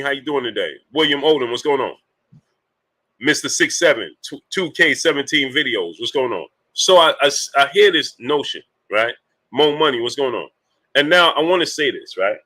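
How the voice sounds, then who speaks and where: Bright-voiced man hosting a livestream. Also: medium pitch, low-quality recording. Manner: greets viewers by name between points, many fillers. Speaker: boxing talk livestream host. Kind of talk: casual livestream chat.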